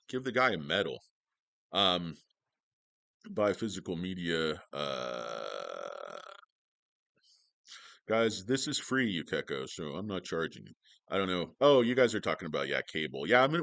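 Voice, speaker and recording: A man's voice: low voice, fairly bright tone, no echo. A man hosting a casual stock livestream from his home office, rambling and joking sarcastically with many fillers.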